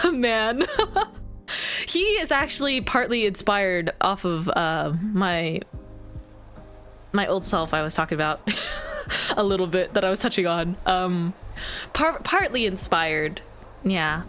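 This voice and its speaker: Woman, streamer, casual chat, bubbly, giggly, rambling, lively pitch, faint background music. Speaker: VTuber streamer.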